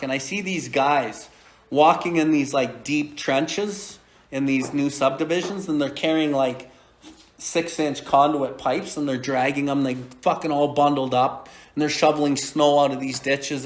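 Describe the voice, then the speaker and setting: A man in his forties hosts a recovery podcast, telling a story bluntly, casually and profanely while laughing often. His voice is fairly high, and the sound is roomy.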